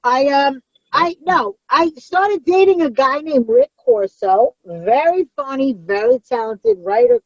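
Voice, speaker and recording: A woman comedian, around middle age, telling stories in podcast chat in a blunt, profane, animated way. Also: on the high side, dry recording. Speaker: comedian guest. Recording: dull lo-fi sound.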